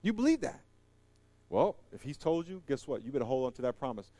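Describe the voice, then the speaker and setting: A man preaching a sermon, animated and joking, swinging from loud emphatic lines to quiet asides. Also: medium pitch, brisk. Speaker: pastor.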